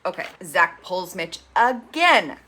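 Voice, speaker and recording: Bright, chatty woman recapping TV. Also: fairly low pitch, sing-song, slow. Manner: chatty, sarcastic, mimics people she quotes. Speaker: recap host. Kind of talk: casual TV recap commentary.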